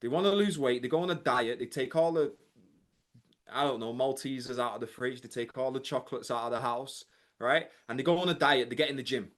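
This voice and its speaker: A man gives a motivational coaching talk to viewers in a live chat. His pitch sits in the middle range. He speaks emphatically and keeps checking in with his listeners. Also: brisk, fairly bright tone. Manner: emphatic, keeps asking "right?" to the audience. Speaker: mindset and business coach.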